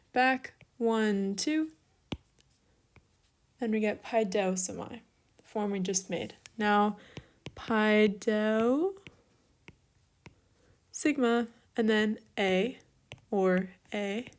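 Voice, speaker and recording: Slow, methodical young woman teaching. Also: medium pitch. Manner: slow, methodical, talks herself through steps. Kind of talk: online lesson.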